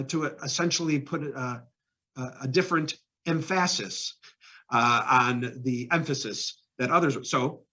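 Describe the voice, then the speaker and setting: A mayor answering interview questions in casual, conversational talk, with many fillers and restarts and sudden emphatic rises. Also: male voice, a little high, sharp tone, husky. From Ohio. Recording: dull lo-fi podcast audio.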